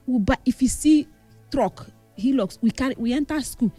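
A young Nigerian woman chatting casually in Pidgin and English, telling animated stories with exclamations. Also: high-pitched, normal speed, husky, dry recording, soft background music. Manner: animated storytelling, code-switching, exclaiming.

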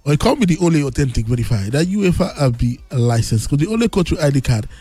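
This radio host from Nigeria, speaking with a Nigerian Pidgin English accent, is brash and teasing, boasting loudly at a fast clip. His fairly high, husky voice is very animated but thick because he's a bit sick, and the recording is dry.

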